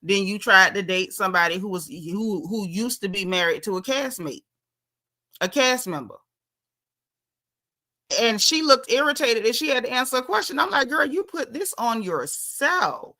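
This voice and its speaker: A woman with a Southern US accent hosts a casual livestream, reading viewer comments and reacting bluntly, sassily and chattily in dialect. Her sharp, mid-range voice moves at a moderate pace with frequent pauses.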